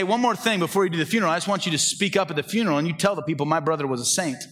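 A middle-aged male pastor preaching with earnest conviction. His voice sits somewhat high for a man, and he moves between urgent, lifted phrases and hushed, slow appeals. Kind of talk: sermon.

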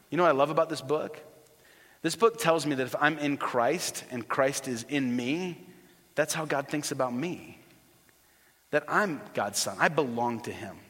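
A man preaching a sermon as a pastor. He is animated and sometimes drops to a soft hush. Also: a little high. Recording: long hall reverb.

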